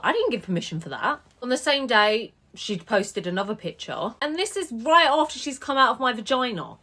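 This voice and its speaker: Young woman telling an indignant storytime. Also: mid-range voice. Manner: animated, indignant retelling with quick asides. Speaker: TikTok storyteller. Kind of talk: personal storytime to camera.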